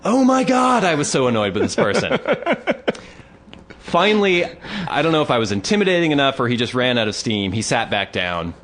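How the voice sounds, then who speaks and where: A man's voice: medium pitch, moderate pace. A man hosting a podcast, telling a story in casual chat with lots of swearing and acted-out quotes. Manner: animated storytelling, acts out quotes, swears a lot. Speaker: podcast host.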